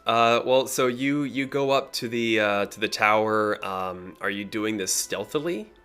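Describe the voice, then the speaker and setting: A man running a tabletop game with a low but bright voice. He narrates at a relaxed pace, stopping often for an "uh" or to clear his throat. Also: measured pace. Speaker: game master.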